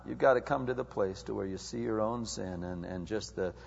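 A man's voice: lowish voice, a little fast, creaky, slightly rough. A male pastor preaching a sermon. He asks the congregation question after question and builds his intensity as he goes. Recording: dull sound with long hall reverb.

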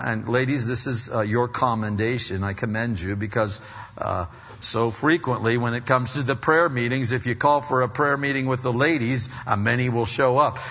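A man's voice: mid-range voice, pushed and bright, long reverb tail, muffled recording. A man preaching a sermon in a folksy, conversational way, full of fillers and restarts. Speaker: pastor.

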